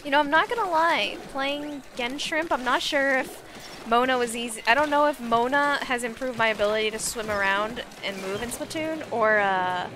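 A woman streaming a game live, chatting casually and reacting excitably to the action. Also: on the high side, moderate pace, a little hiss or hum. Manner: animated, excitable, squeals and laughs at the game.

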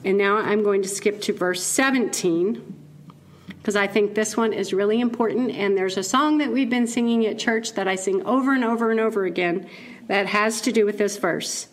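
A woman giving a keynote talk as a conversational sermon, playful and animated and laughing at her own asides. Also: medium pitch, normal speed, slight background noise. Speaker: keynote speaker.

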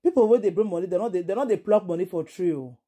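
A woman's voice: mid-range voice, racing, dark tone, husky. A woman with a Nigerian accent giving casual vlog commentary, indignant and exclaiming, firing off rhetorical questions. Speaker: entertainment vlogger.

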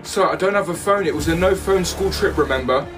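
A man's voice: sits high, fairly quick, lightly acted. A man voicing a frantic teenage schoolboy, stammering in panic, over background music. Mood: panicked.

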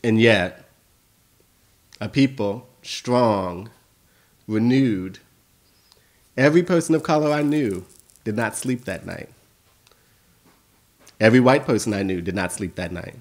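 Gravelly impassioned American man. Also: on the low side, expressive, a little slow, long pauses. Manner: impassioned storytelling, swinging from hushed to emphatic. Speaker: keynote speaker and school principal. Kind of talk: keynote speech.

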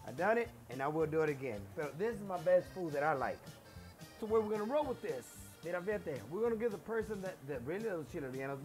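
Middle-aged man, animated pitch, chatty and boastful home kitchen host. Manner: chatty and boastful, mixes Spanish phrases in. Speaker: home cooking show host. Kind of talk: casual cooking demonstration.

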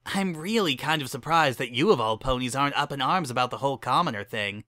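A man's voice: medium pitch, expressive, fast talker, bright, forceful tone, dry recording, clean studio sound. A man voicing an earnest young female pony musician of noble family, in a dramatic story reading.

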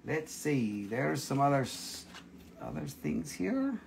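A man's voice: fairly high pitch, wildly swooping pitch, slow pace, gravelly, slight background noise. A man hosting a live-stream sale, playful and joking, bantering with viewers and himself into a phone. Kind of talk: live-stream sales pitch.

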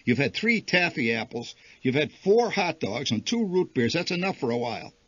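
A man doing an excitable blustering dad. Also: fairly high pitch, normal speed, slightly rough, no echo, lo-fi sound, pitched above the performer's own voice, heavily acted. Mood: bossy. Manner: enthusiastic, blustering. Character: excitable, bossy middle-aged father.

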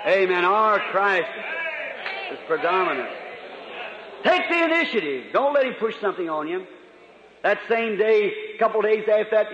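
A man preaching a revival sermon, moving between loud fervent preaching and quiet storytelling. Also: high voice. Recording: dull old hall recording with echo.

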